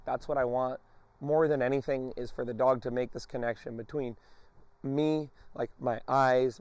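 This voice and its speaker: Male dog trainer, mid-pitch, calm step-by-step explainer, quick praise to the dog, dry close sound. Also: dry recording. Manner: explains calmly, breaking off to praise and command a dog. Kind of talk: instructional demonstration.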